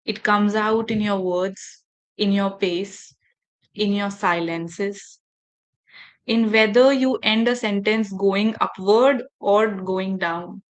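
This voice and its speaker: A woman's voice: medium pitch, fairly even intonation, slow pace. A woman trainer leading an online workshop for teachers over a video call, engaging and often asking the audience questions. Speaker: faculty development trainer.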